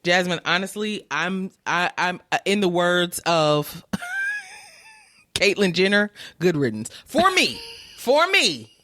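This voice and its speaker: Taking her time, a woman with a fairly low, expressive voice and a bright, forceful tone co-hosts a podcast without any echo on the audio. She's giggly, chatting casually and reading news aloud in between laughs.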